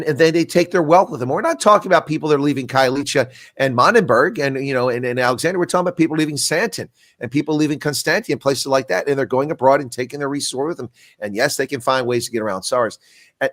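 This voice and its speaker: A man's voice: fairly high pitch, fairly bright tone, no echo, studio quality. A man, a retired colonel and intelligence analyst, making blunt, emphatic arguments in a frank political discussion over a video call. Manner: blunt, emphatic, rapid-fire arguing.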